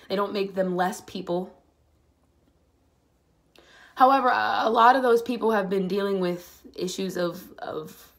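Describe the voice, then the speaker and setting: Earnest young woman talking straight to camera. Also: medium pitch. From Pittsburgh area. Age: 20s. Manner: earnest, halting, grows heated and emphatic. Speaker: vlogger. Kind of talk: personal vlog monologue.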